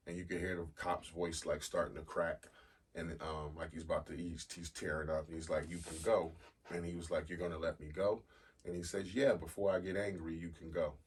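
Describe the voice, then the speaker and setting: A man's voice: extremely low pitch, slightly rough, far from the mic. A man co-hosting a podcast in casual chat, telling stories and swearing freely. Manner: storytelling, swears casually, laughs loudly when amused. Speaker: podcast co-host.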